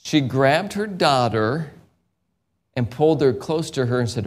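A middle-aged man preaching a sermon as an evangelist, swinging from quiet storytelling to loud, impassioned peaks. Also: mid-range voice, expressive, a little slow.

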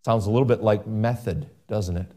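A man preaching a sermon as a pastor, emphatic, with big pitch swings and repeated phrases. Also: fairly quick, warm tone.

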